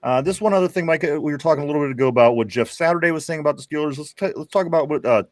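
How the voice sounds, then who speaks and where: A man's voice: on the high side, rapid-fire, no room sound, clean studio sound. A man hosting a casual sports talk show, reading viewer comments aloud in a chatty way with frequent restarts. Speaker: podcast host.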